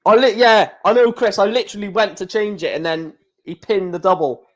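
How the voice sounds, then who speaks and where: A man hosting a casual live stream and reacting to darts as it happens. He is chatty, talks straight to his viewers, and gets excited. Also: high-pitched, a little fast, highs cut off. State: hiccuping.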